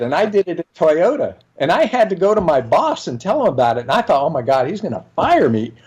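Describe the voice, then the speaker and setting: A middle-aged man tells stories from his working life in an earnest, conversational way. His voice sits a little high for a man. He acts out the dialogue as he recounts it. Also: a little mellow. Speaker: guest, leadership trainer. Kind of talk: conversational storytelling.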